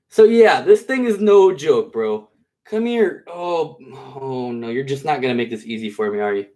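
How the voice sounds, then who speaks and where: Streamer dude, kinda high voice, super casual, says bro a lot, nervous coaxing around a snake. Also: male voice, lively intonation, normal speed, mellow. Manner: laid-back and slangy, calls everyone bro and dude. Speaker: live streamer. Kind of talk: casual live-stream chat.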